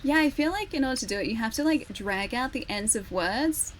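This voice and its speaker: A woman's voice: a little high, expressive, fairly quick, slight background noise. A woman streaming a video game, chatting casually, laughing often and greeting viewers by name. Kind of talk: casual chat while playing a game.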